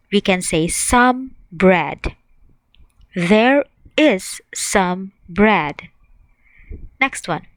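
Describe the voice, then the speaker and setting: A woman teaching an English grammar lesson, speaking slowly and repeating key words for learners to say along with her. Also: medium pitch, no echo, poor audio. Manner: slow, drilling and repeating words, asks students to repeat.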